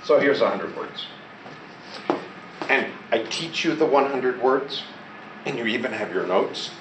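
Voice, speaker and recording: A male teacher leads a classroom lesson, drawing answers and repetitions out of his students at an unhurried pace. He is heard from across an echoing room, with clear background noise throughout. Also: medium pitch, expressive. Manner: prompts students to repeat and answer. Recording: echoey classroom recorded from far off with loud background noise.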